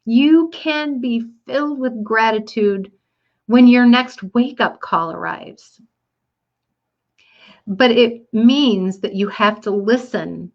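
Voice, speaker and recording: A woman speaking earnestly and from the heart about a personal experience, a little teary-eyed, with the odd restart and soft laugh. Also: mid-range voice, lo-fi sound. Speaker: motivational speaker. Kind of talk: personal reflective monologue.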